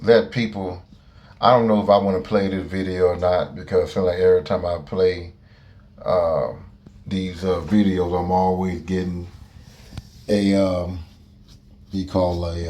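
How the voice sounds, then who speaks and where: Rambling low-voiced man giving commentary. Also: flat delivery, a little slow, pauses often, a little mellow. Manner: rambling, hesitant, preachy. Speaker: video commentator. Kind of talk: casual commentary.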